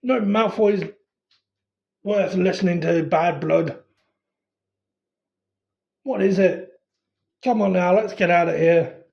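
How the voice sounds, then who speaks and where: A reader doing a booming gruff giant. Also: slow, pauses often, dull audio. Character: huge gruff gamekeeper, loud and kindly.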